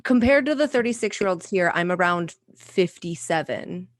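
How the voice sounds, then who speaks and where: A woman in her thirties, a guest on a comedy podcast, talking in a deadpan, matter-of-fact way. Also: lowish voice, moderate pace, very noisy. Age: 30s.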